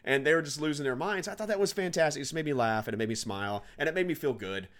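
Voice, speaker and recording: A man's voice: fairly high pitch, quick pace. Enthusiastic male podcast co-host. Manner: enthusiastic, warmly upbeat. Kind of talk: casual gaming podcast chat.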